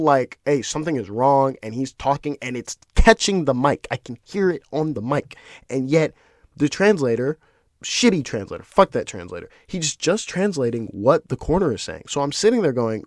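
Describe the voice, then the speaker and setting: A man hosting his own podcast, talking casually in an animated, profane, ranting way. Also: medium pitch, moderate pace, no room sound, studio quality. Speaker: podcast host. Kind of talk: casual solo commentary.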